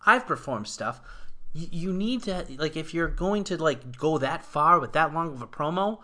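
A man's voice: fairly high pitch, expressive, moderate pace, bright, forceful tone. A young man co-hosting a casual chat, blunt and swearing freely, acting out example lines as he argues his point. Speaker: wrestling podcast co-host.

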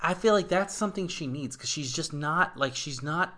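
A man's voice: fairly high pitch, normal speed, pushed and bright. A young man co-hosting a casual chat, blunt and swearing freely, acting out example lines as he argues his point. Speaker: wrestling podcast co-host.

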